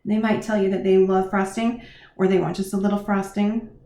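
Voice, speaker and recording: A woman teaching young children in a lively, sing-song manner, encouraging them and talking straight to them. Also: medium pitch, fairly quick, reverberant. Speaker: preschool teacher. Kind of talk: children's lesson.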